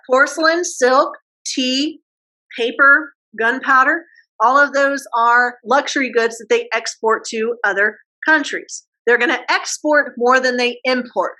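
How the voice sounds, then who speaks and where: A woman history teacher giving a casual classroom lecture, posing quick questions and using slang. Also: on the high side, pushed and bright, low-quality recording.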